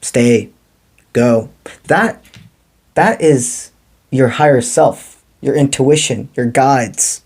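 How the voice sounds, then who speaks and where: A man giving a spiritual tarot reading to camera, talking in a calm, encouraging and mystical way with casual slang. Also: mid-range voice, slow, slightly rough. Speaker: tarot reader.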